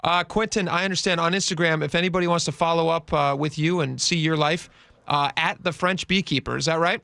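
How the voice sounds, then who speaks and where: A man's voice: on the high side, steady tone, brisk, gravelly, bright, forceful tone, no echo. A man co-hosting a talk radio show, chatting casually and joking while asking eager questions from the studio.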